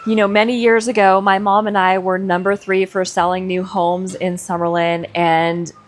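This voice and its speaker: Touring a large house indoors, a middle-aged real estate agent speaks at normal speed in a mid-range voice with little pitch movement. Still, her words gush with enthusiasm about each room, and she makes chatty asides along the way.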